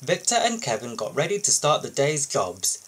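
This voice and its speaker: A man reading a children's storybook aloud in an expressive, sing-song way. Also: mid-range voice, normal speed, a little hiss or hum, poor audio. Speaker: storybook reader.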